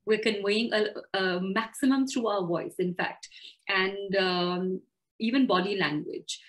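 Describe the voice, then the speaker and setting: A woman's voice: medium pitch, a little slow, fairly bright tone, low-quality recording. A woman with an Indian English accent, a communication trainer giving practical advice in an interview, thoughtful and full of fillers and self-corrections.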